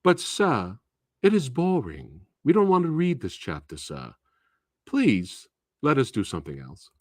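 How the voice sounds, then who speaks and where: A man's voice: mid-range voice, huge pitch swings, measured pace, no room sound, clean studio sound. A man doing creepy polite schoolboys. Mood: pleading. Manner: overly formal, calls everyone sir. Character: polite menacing teenage schoolboys.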